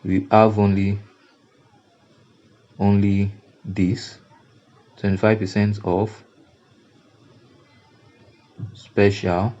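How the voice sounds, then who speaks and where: A man with a Nigerian accent walks through a design lesson, circling back to his points and repeating himself as he explains. His voice sits low and mellow, and the recording sounds dull and lo-fi. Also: level tone, slow. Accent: Nigerian English. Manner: repetitive, explanatory, frequent "now" and "you see". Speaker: graphic design instructor. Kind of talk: screen-recorded tutorial lecture.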